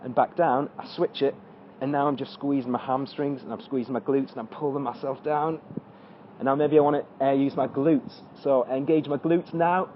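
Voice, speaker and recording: A man's voice: medium pitch, steady tone, normal speed, muffled recording, a little hiss or hum. A man coaching an exercise tutorial, talking through squats as he demonstrates them and straining during the reps. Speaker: fitness coach.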